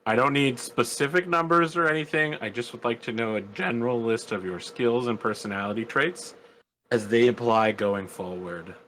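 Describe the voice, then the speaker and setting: A man's voice: medium pitch, normal speed, fairly bright tone, a little hiss or hum, lightly acted, rough recording. A man voicing a blunt, businesslike male adventurer in a tabletop game, asking straightforward questions.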